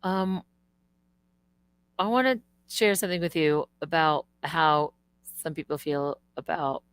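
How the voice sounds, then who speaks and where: A woman hosting a live stream, talking in a casual, animated way, indignant and swearing freely. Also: deep voice, a little slow, smooth, no room sound.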